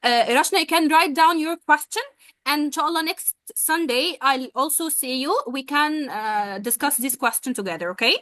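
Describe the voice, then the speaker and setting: A woman's voice: sits high, moderate pace, fairly bright tone, dry recording, studio quality. A woman with an American-style English accent, teaching a casual speaking session on a video call in a bubbly, enthusiastic way. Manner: bubbly, enthusiastic, gushing praise.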